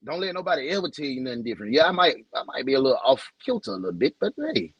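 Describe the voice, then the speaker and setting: Animated, husky-voiced man hosting a livestream. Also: medium pitch, racing, dry recording, dull audio. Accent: Southern US. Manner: loose, joking, slangy, greets viewers by name. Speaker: livestream host. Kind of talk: casual livestream chat.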